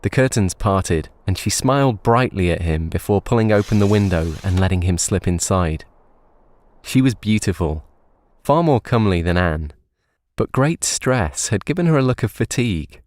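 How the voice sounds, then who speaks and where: A man calmly narrating an audio story in a measured way. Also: on the low side.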